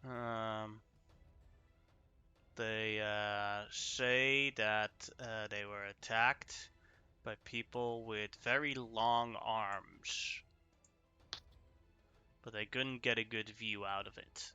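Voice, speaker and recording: A man narrating a tabletop game as game master, slow and hesitant. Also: fairly low pitch, steady tone, bright, forceful tone, smooth, highs cut off, soft background music.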